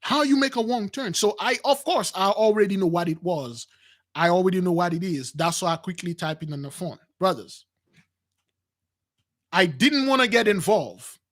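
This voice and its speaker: A spiritual channel host with a high voice tells his listeners a dramatic personal story at a moderate pace. He addresses them as "brothers," acts out the quotes in an animated way, and speaks with non-standard grammar, repeats and restarts.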